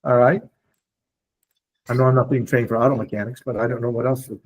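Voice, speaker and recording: A man speaking casually to a support group on a video call, animated and often checking in with his listeners. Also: mid-range voice, racing, low-quality recording. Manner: animated, repeatedly checks in with "okay?". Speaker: near-death experiencer sharing his story.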